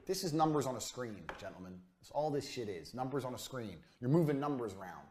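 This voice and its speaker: A man's voice: mid-range voice, lively intonation, a little fast, a little mellow. A man giving a business course lecture, talking bluntly and commandingly and swearing often. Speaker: business coach.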